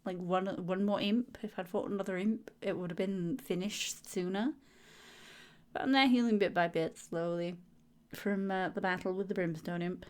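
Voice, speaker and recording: Giggly woman chatting over gameplay. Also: moderate pace. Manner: chatty and giggly, acting out silly inner dialogue in a higher voice. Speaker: gaming video creator. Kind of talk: casual voiceover commentary. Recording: voiceover recorded at home on a mic.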